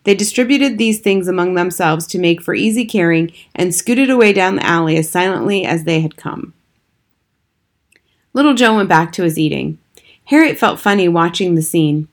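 A woman reading a children's book aloud as narrator, steady and expressive. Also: fairly low pitch, moderate pace. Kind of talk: scripted storybook narration.

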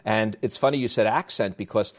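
New York-accented talk show host. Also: male voice, on the low side, brisk. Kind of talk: interview.

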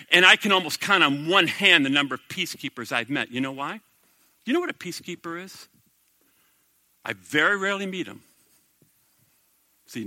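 A middle-aged male pastor delivering a sermon, talking straight to his congregation and asking them question after question. His voice sits high and sounds very bright and clear. It is recorded dry and close, with no room echo. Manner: animated, conversational preaching with rhetorical questions.

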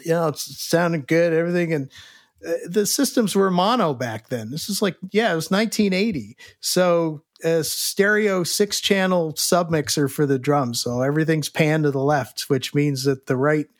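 A man's voice: on the high side, normal speed, no room sound. Man, 60s, podcast guest, rambling storyteller, chuckling, dry close sound. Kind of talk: casual anecdote telling.

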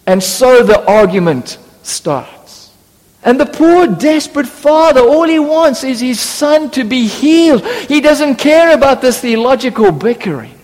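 A man's voice: extremely high pitch, animated, unhurried, a little mellow. A man preaching a sermon, acting out biblical voices with humorous asides. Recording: long reverb of a church hall.

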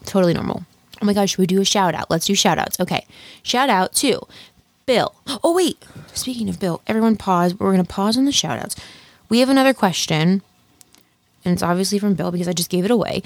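Rambling young female podcast host, gravelly fry, dry close sound. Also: lowish voice, no echo. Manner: rambling, chatty, self-deprecating, lots of "like". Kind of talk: casual solo podcast chat. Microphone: studio microphone.

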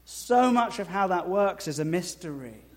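Brief: male pastor, sermon, slightly higher voice, shifts from slow soft emphasis to loud high asides, dry humor. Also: lively intonation. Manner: conversational preaching with dry humor.

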